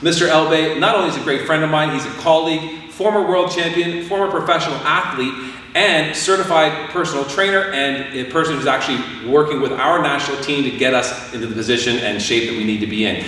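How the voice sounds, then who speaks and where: A man martial arts instructor leading a class warm-up, calling out counts and commands. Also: fairly high pitch, brisk. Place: training hall. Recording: echoey hall from far off.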